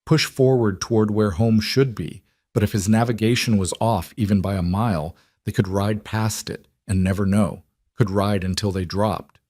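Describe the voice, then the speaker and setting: Low-voiced man narrating a story. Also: fairly even intonation, normal speed, darkish tone, no echo, clean studio sound.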